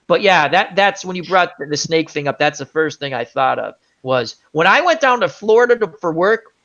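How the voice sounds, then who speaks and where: A man's voice: a little high, normal speed. A man hosting a casual chat show, telling a long rambling story with lots of asides. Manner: rambling, animated anecdote with many asides. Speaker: host. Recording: dull lo-fi audio.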